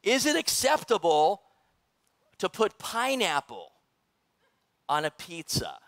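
A middle-aged man, a pastor, preaching in a church, animated and joking with the congregation. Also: sits high, slow pace, no room sound. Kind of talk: sermon. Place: church sanctuary.

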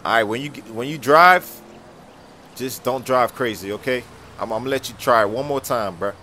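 A man playing a nervous dad in a game role-play skit who stammers and yells in panic. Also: medium pitch, normal speed, slight background noise.

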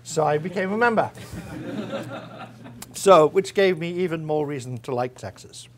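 A man's voice: on the high side, expressive, a little slow. A man giving an academic guest lecture, conversational and wry, with frequent small hesitations. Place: university lecture room.

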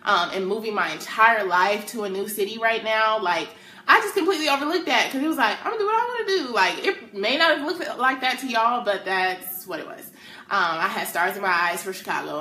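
A young adult woman sharing a personal faith testimony with excited emphasis and casual slang. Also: on the high side, a little hiss or hum. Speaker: testimony speaker. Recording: echoey room.

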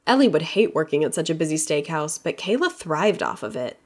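A woman narrating a romance audiobook with steady, even storytelling. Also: low-pitched, brisk. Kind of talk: scripted narration.

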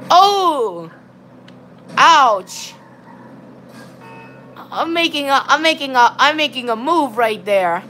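Excitable high-voiced woman streaming games. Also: normal speed, few pauses, soft background music. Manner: excitable, rambling, chatting to viewers. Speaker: game streamer. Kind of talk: live gameplay commentary.

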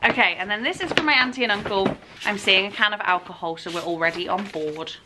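A young woman book vlogger gushes and squeals with delight while opening birthday presents in a casual vlog. Her mid-range voice moves fast and excitably, and the recording is very noisy.

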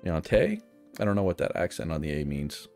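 A man's voice: rumbling low, fast talker, a little mellow, soft background music. A man casually walking through a video game guide, chatty and thinking aloud as he plays. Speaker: gaming guide host. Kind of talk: casual game walkthrough narration.

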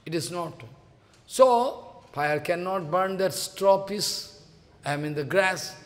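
A man's voice: high voice, animated, slow. A man delivers a devotional sermon, telling a story of the gods. He acts out their exchanges by raising his voice. The recording carries a long reverb, as if made in a large hall. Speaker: spiritual teacher.

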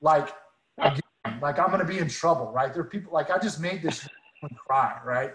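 Earnest male speaker, higher voice, chatty testimony full of restarts, in a roomy space. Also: a little fast, fairly bright tone. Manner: earnest, many restarts and repeated words. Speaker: guest speaker. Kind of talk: casual faith storytelling.

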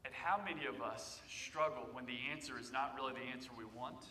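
A man preaching a sermon in a church, talking conversationally and swelling loud when he voices quoted cries. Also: medium pitch, a little fast, distant mic, a little hiss or hum. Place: church sanctuary. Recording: echoey church hall.

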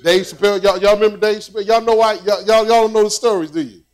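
High-voiced man preaching conversationally. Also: fairly even intonation, fast talker. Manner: conversational preaching with repetitions and storytelling. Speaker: pastor. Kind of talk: sermon.

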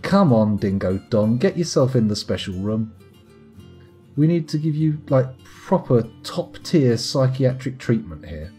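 Streamer, wry mutterer, lively pitch, mellow tone, soft guitar music underneath. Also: male voice, a little slow. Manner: wry, muttering to himself while playing. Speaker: gaming streamer. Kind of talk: live game commentary.

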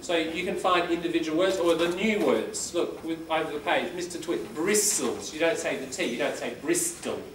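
A man's voice: a little high, moderate pace, few pauses. Male English teacher, patient explainer, distant mic in a noisy classroom. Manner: explains patiently, demonstrates exaggerated stress by reading aloud. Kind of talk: classroom lesson. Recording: echoey room, far from the mic, background noise.

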